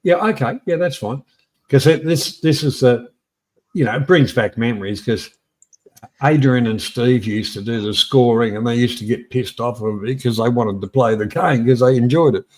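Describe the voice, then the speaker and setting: Blunt, rambling Australian man hosting a livestream. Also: moderate pace. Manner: rambling and blunt, greets viewers by name with lively swings in pitch. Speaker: livestream host. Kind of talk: casual live-stream chat.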